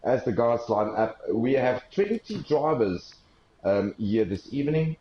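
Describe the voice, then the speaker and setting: A man with a South African accent commentating live on an esports race, an excitable play-by-play caller who rises in pitch with the action and uses plenty of fillers. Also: unhurried, roomy sound, highs cut off, slight background noise.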